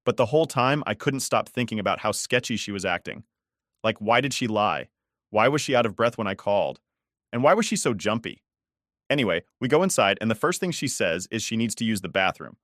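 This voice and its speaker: A man's voice: on the low side, animated, brisk, fairly bright tone, no echo, studio quality. A man in his thirties narrating a personal story in a casual, conversational way. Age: 30s.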